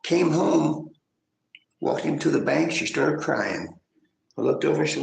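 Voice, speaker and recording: A man's voice: a little high, lively intonation, unhurried, gravelly, long pauses, echoey room, a little hiss or hum, poor audio. A man telling rambling, profane stories in casual chat.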